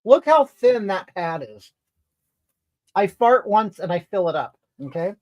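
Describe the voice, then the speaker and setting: A crude, entitled woman rants and snipes indignantly at her viewers, as a performer plays her for a comedy livestream. Her mid-range voice swings widely up and down with each outraged jab. She rambles and scolds without pause. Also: mid-range voice, lively intonation, darkish tone, highs cut off, natural voice. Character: crude, entitled, brash middle-aged woman. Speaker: comedy livestreamer reading comments in character. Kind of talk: improvised character comedy.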